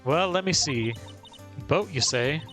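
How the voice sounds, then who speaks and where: A man's voice: a little high, animated, takes it slowly, soft background music. A man putting on Lotta Hart, a brash Southern gal. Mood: folksy. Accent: put-on American Southern drawl. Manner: loud drawling twang, bossy and folksy. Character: brash Southern woman photographer, loud and folksy.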